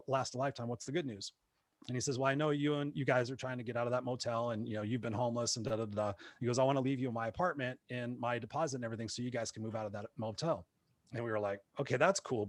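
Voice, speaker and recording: A man, a motivational speaker, telling his life story in a casual interview, animated and acting out the voices of people he quotes. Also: medium pitch, dry recording. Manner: animated, acts out quoted voices, many fillers.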